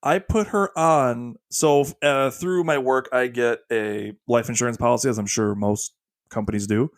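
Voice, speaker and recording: A man's voice: mid-range voice, normal speed, no room sound. Joking, rambling man on a podcast. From United States. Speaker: podcast co-host. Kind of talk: casual chat.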